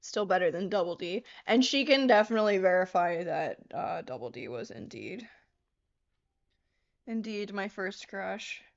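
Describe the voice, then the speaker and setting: A woman's voice: mid-range voice, animated, unhurried, lo-fi sound. A young woman hosting a casual livestream, giggling often, swearing freely and reading viewer comments aloud as she works on a craft. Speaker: livestream host.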